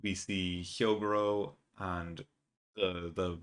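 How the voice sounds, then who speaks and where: Taking it slowly, a man with a low, slightly bright voice and level tone hosts a manga reaction video. He casually walks through a comic chapter, reflecting aloud and reading the dialogue plainly.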